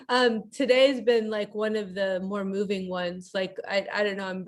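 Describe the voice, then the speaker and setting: A woman co-hosting a webinar who is tearful and crying as she gives halting closing remarks over a video call, with many restarts. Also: mid-range voice. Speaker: co-host of a webinar series.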